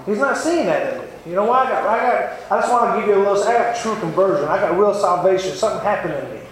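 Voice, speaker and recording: Man, high voice, earnest testimony sermon, emphatic and repetitive, very echoey church, faint noise. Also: lively intonation, quick pace, crowd noise. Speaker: lay preacher giving testimony.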